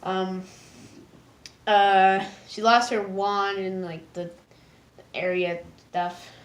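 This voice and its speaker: Woman reviewer, casual recap, filler-heavy, restarts, pops into squeaky character voices. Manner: rambling, many "like"s and stumbling restarts; jumps into high, loud voices for characters. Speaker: episode reviewer.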